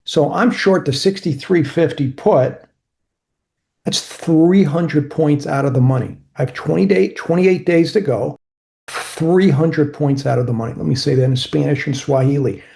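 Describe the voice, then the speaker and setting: A man's voice: a little high, vocal fry, a little mellow. A man teaching options trading over a screen recording, talking casually and answering imagined viewer questions himself. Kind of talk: screen-share trading walkthrough.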